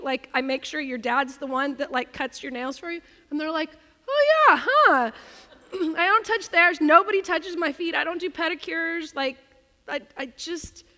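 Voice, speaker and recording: A woman pastor preaching a sermon, telling a self-deprecating personal story in an animated way. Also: sits high, big-room sound.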